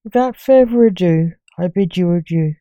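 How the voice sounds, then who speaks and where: A woman reading her own short story aloud as the host of a story podcast, slow and deliberate. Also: lowish voice, mellow, dry recording, dull audio.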